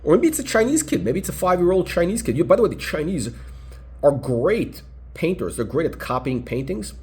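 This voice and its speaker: A man's voice: high-pitched, very animated, fairly quick, a little mellow. A man reviewing a luxury watch in a casual, unscripted way, rambling and blunt, often stopping mid-sentence to search for a word. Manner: rambling, blunt, full of hesitations and restarts.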